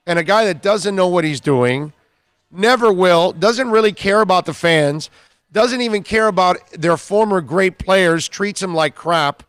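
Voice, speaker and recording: A man's voice: sits high, a bit bright, dry recording. A man hosting a sports talk radio show, bluntly scolding listeners with repeated rhetorical questions.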